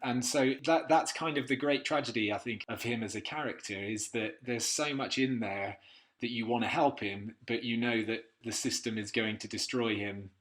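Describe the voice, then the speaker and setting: A man's voice: medium pitch, moderate pace, fairly bright tone. A man who is a podcast guest and speaks in a reflective, thoughtful way in an interview. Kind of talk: interview discussion.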